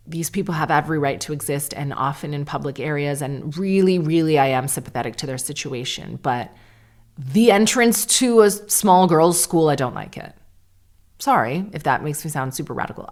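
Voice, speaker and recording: A woman in her forties hosting a solo podcast, candid and chatty with sarcastic asides. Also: sits low. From Canada. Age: 40s. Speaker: podcast host. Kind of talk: casual solo podcast chat.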